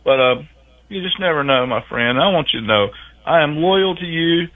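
A man calling in over a tinny phone line, rambling in a folksy way and drifting off topic. His pitch swings up and down with lively energy as he talks. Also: moderate pace. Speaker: regular caller. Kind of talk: comedic rambling call-in.

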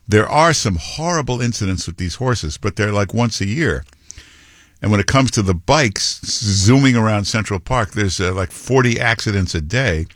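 A man's voice: lowish voice, animated, moderate pace, no room sound, clean studio sound. A man hosting talk radio, chatting casually about local politics with lots of asides and restarts.

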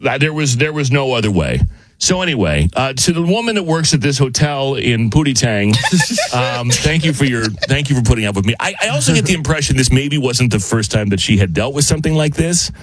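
An American man telling a long, animated story in casual podcast chat, acting out the dialogue and laughing as he goes. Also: mid-range voice, fairly quick, no echo. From United States.

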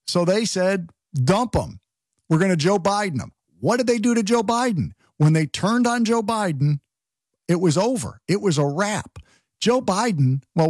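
A man holds forth on his talk radio show, firing off rhetorical questions and restarting sentences as he goes. His slightly high voice swings up and down in pitch. The studio sound is close and dry. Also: darkish tone, dry recording. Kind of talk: political talk radio monologue.

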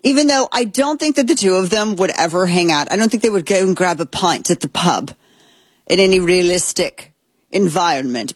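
A woman with a breathy, husky voice talks through the news as a political commentary host. She rambles, restarts her sentences and states her opinions openly. The recording is dry and close. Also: fairly low pitch, expressive, normal speed, no echo.

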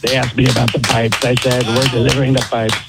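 A man's voice: medium pitch, level tone, quick pace, gravelly, loud music behind the voice, natural voice. Caller bit: man doing a blustering, boastful president voice, rambling and proud. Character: blustering male president impression.

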